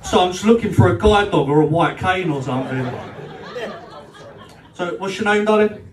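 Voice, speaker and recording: A high-pitched comedian talks at normal speed during a live stand-up set on a club function room stage. He's cheeky and swears as he teases the crowd and reenacts quarrels with his girlfriend, with the audio roomy and far away.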